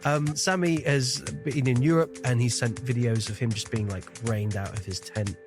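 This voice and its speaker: A man who grew up in the Shetland Islands and speaks with a faded, neutral accent, hosting a podcast in casual chat, self-deprecating and quick to laugh. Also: medium pitch, steady tone, over music. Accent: neutral, faded Scottish. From Shetland Islands, Scotland. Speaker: podcast host.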